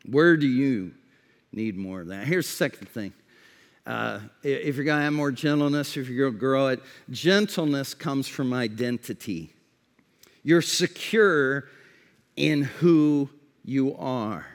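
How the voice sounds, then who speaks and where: A man preaching a sermon in a conversational way, often restarting his sentences and softening for reflective questions. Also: medium pitch. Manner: conversational preaching with repeated false starts; drops to a soft, slow voice for reflective questions. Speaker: pastor. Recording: long hall reverb.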